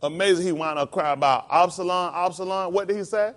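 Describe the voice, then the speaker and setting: A male pastor preaching a sermon. He calls out to the congregation and climbs into high, emphatic, drawn-out lines. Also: fairly bright tone. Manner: calls to the congregation with "come on" and "y'all".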